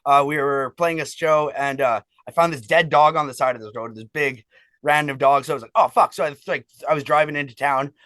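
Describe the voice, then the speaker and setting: A man fronting a band rambles through stories in a casual interview. He swears freely and leans on fillers as he talks. His voice sits a little high, and the sound is dry. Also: fairly even intonation, brisk, fairly bright tone, dry recording. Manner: rambling, profane, heavy on fillers.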